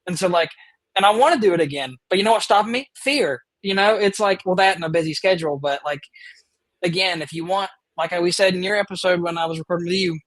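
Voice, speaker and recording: Rambling man, fairly high voice. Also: fast, a bit bright, dry recording, low-quality recording. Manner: rambling, filler-heavy, eager. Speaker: podcast host. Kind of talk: casual storytelling chat.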